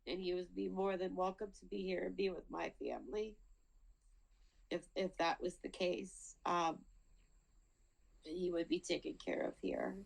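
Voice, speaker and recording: A woman's voice: on the low side, gravelly, poor audio. A woman speaking on a video call at a hearing, pleading for her father, often repeating words and fighting tears. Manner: halting, repeats words, tearful. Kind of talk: emotional plea over a video call.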